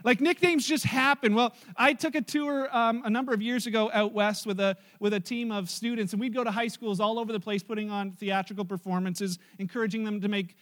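A middle-aged pastor with a strikingly high voice preaches to his congregation. He tells anecdotes in a lively, conversational way, acts out quotes and teases people in the room. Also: brisk, hardly any pauses. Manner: animated, storytelling with acted quotes and audience asides. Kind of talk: sermon.

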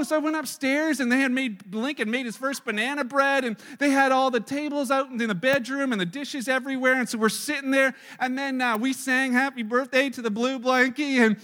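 Bright-voiced, high-pitched man preaching. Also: fairly even intonation, moderate pace. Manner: conversational, joking storytelling. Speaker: pastor. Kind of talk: sermon.

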